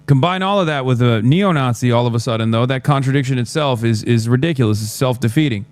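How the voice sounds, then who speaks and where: A man's voice: medium pitch, fairly quick, darkish tone, dry recording. A man doing livestream commentary, blunt and sarcastic, often swearing. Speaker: streamer.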